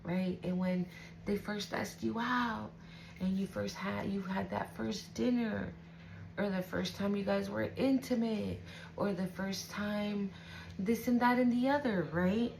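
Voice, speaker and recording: In a gravelly, slightly mellow mid-range voice, a woman reads tarot intuitively for her viewers at a somewhat slow, steady pace. The rough recording has a little hiss or hum. Her delivery is casual and emotional, full of swearing and repeated "right?" check-ins.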